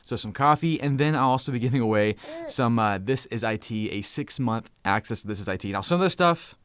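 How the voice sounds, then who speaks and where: A man's voice: mid-range voice, dry recording, studio quality. Upbeat man in his thirties hosting a live stream. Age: 30s. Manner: upbeat, hurried, often hushing his kids. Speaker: host.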